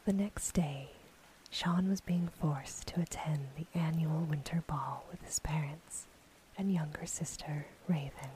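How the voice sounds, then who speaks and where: A woman whispering a calm, steady storybook narration in a whispered role-play. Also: low voice, measured pace, slight background noise, low-quality recording.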